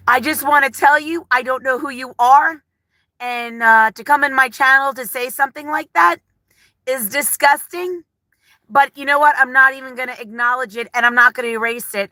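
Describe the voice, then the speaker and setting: Middle-aged woman, live-chat host, bright tense voice, close dry phone sound, heartfelt and rambling. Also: sits high, dry recording. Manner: gentle, heartfelt, rambling with fillers. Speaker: vlogger on a livestream. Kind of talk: casual live chat, reading comments. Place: parked car. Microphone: phone held in hand.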